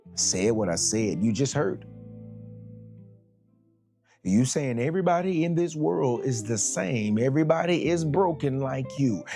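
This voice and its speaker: Gravelly, animated male preacher. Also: medium pitch. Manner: animated, dramatic storyteller acting out scenes; colloquial, conversational preaching. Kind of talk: sermon storytelling.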